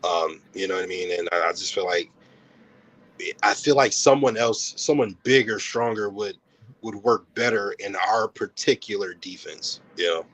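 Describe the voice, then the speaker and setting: A man talking as a guest on a sports podcast, relaxed and a little hesitant, with frequent restarts. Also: lowish voice, moderate pace, rough recording. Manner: relaxed, hesitant, laughs easily. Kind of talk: casual sports talk.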